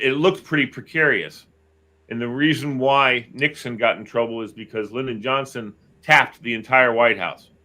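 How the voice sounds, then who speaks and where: Bright-voiced man telling animated stories. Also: mid-range voice. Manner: animated storyteller, acts out quotes. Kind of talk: casual chat, storytelling.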